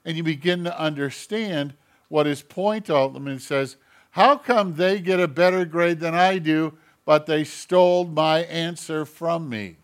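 A pastor preaching a sermon, his voice sitting a little on the high side for a man. He drops into quiet, conversational asides and then pushes up into louder, emphatic lines. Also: measured pace.

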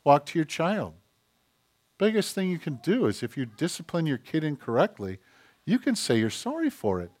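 A man preaching a sermon as a pastor, emphatic and direct, dropping into hushed tones when he voices other people. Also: fairly high pitch, wildly swooping pitch, normal speed.

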